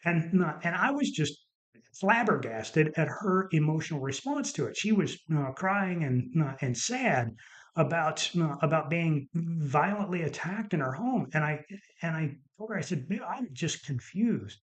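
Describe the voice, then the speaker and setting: A man's voice: fairly high pitch, animated, moderate pace. A middle-aged man, a doctor hosting his own podcast, tells stories in an earnest, casual monologue and repeats words for emphasis.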